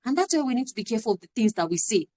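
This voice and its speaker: A woman's voice: fairly high pitch, sing-song, very fast, darkish tone. A woman, giving an earnest, emphatic parenting talk on a live stream and repeating her key phrases. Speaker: parenting coach.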